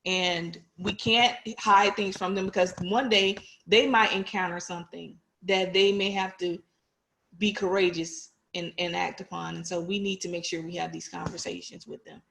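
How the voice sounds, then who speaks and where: A woman's voice: lowish voice, steady tone, normal speed, vocal fry, a bit bright. A woman in her forties, a police officer, giving an earnest, personal talk to an online audience and putting questions to them directly.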